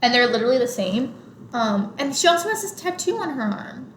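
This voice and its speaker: A woman's voice: fairly high pitch, big pitch swings, brisk. A young woman co-hosting a podcast, chatting casually about a movie and retelling scenes with lots of "like". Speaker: podcast co-host. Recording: roomy with faint background noise.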